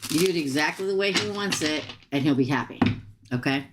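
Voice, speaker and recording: A woman's voice: sits low, lively intonation, a little fast, heavy background noise. A middle-aged woman giving a live tarot reading, chatty and emphatic, repeating her advice. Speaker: tarot reader.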